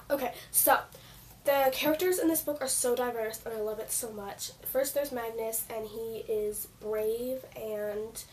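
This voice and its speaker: Woman book reviewer, higher voice, croaky from losing it, rambling fan energy, mic a bit distant with faint hiss. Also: darkish tone. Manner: gushing, rambling with "like" and "so". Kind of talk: casual book talk.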